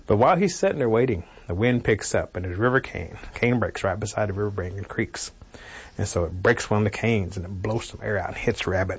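Low husky male storyteller. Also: muffled recording. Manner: unhurried, animated telling with sound effects. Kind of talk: traditional oral storytelling.

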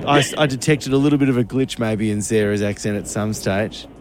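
A man's voice: on the low side, fairly quick, a little hiss or hum. A male radio host chatting casually in a playful, teasing way.

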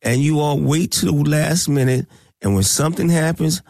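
A man's voice: a little high, moderate pace, gravelly, darkish tone, dry recording, studio quality. A man hosting a radio talk show, speaking in a preachy, emphatic way and repeating his points.

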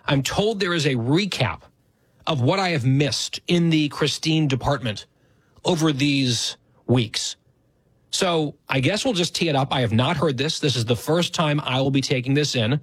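A man's voice: on the high side, normal speed, slightly rough, no room sound. A man hosting a talk radio show, chatty and self-deprecating, thanking his fill-in hosts. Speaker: radio host.

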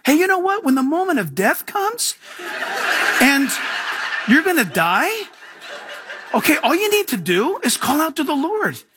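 A man preaching a sermon as pastor, telling stories with jokes and chuckles and mimicking other people in lively asides. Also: very high voice, a little slow, long pauses.

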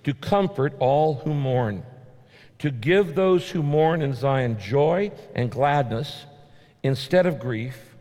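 A man's voice: medium pitch, animated, slow, warm tone. A male pastor preaching a sermon, emphatic and repetitive, his voice rising sharply on key points. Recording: long hall reverb.

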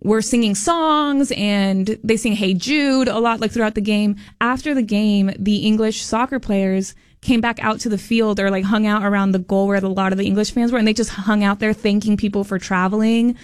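A woman's voice: mid-range voice, fairly even intonation, normal speed, hardly any pauses, clear, resonant tone, no echo, clean studio sound. A woman co-hosting a morning radio show, telling a family story in bubbly casual chat, with lots of "like". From family from Mexico. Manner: bubbly, storytelling, says "like" often.

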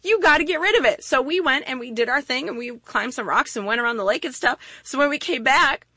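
A woman's voice: high voice, brisk, breathy edge, dry recording. A woman preaching a sermon, telling stories and acting out little voices as she goes. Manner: animated storytelling with acted-out voices.

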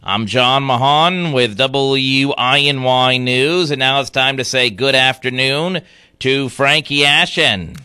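A man reading the news and chatting on air as a radio news anchor, with a steady newsreader delivery. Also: mid-range voice, slow pace, clean tone, no room sound. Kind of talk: radio newscast and on-air chat. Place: radio studio. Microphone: studio microphone.

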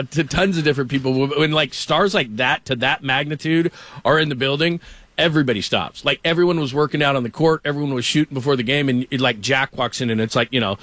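A man chatting on sports radio, telling a long, loose anecdote with plenty of fillers. His middle-pitched voice is close on a studio microphone in a dry booth with no room sound. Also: fairly bright tone, dry recording. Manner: rambling anecdotal storytelling with laughs. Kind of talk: casual sports radio chat.

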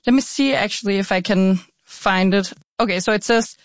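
A woman's voice: mid-range voice, normal speed, dry recording. A Danish journalist, a woman whose first language is Danish, telling a story with eager enthusiasm in a podcast interview. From Denmark. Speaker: journalist guest.

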